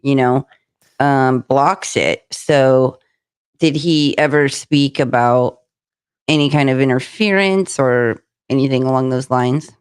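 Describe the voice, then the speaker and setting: A woman's voice: a bass voice, slow pace, smooth. A woman hosting a casual interview. She asks curious, loosely phrased questions that ramble before landing. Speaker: host.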